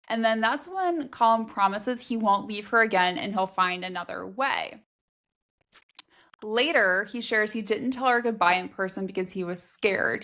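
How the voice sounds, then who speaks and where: A woman co-hosting a podcast, recapping a novel in relaxed casual chat with wry asides. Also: mid-range voice. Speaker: podcast co-host. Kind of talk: casual book discussion.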